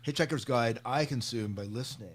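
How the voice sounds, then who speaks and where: A man's voice: mid-range voice, brisk. Joking, teasing male host of a book chat podcast with a mid-range voice. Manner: joking, teasing, leads the questions. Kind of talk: casual chat.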